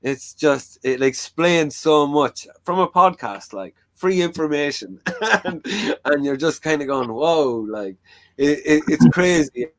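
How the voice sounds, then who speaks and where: A man's voice: fairly high pitch, lively intonation, slow, no echo. Frank rambling man, dry close sound. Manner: rambling, frank, fillers like "like" and "you know". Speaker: talk show host. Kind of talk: casual chat.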